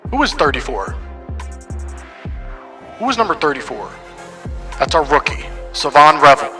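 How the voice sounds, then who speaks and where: A man's voice: on the high side, very animated, moderate pace, sharp tone, soft background music. A man streaming live play-by-play commentary, mixing broadcaster-style calls with casual asides to his chat.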